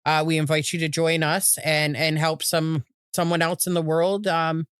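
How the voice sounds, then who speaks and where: A woman co-hosting a casual chat podcast, talking in animated bursts, swearing freely and acting out what people said. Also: low voice, normal speed, smooth, dry recording, clean studio sound. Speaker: podcast co-host. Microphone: podcast microphone.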